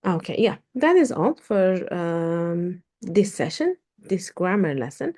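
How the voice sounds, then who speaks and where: A woman teaching a lesson in English, slow and hesitant, with many fillers as she explains. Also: fairly low pitch, big pitch swings, warm tone. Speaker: Turkish teacher. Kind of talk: online language lesson.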